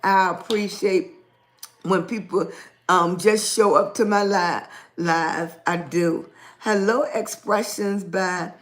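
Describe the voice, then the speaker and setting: A woman hosts a casual livestream in a hoarse, raspy voice. She talks at an unhurried, drawn-out pace in a middle pitch, stopping to greet viewers by name. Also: fairly even intonation. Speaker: livestream host.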